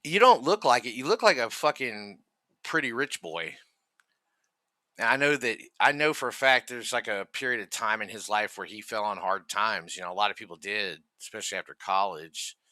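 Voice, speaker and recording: A man's voice: lowish voice, animated, normal speed, sharp tone, no echo. A man hosting reaction commentary, ranting furiously and mockingly with constant swearing. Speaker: commentary host.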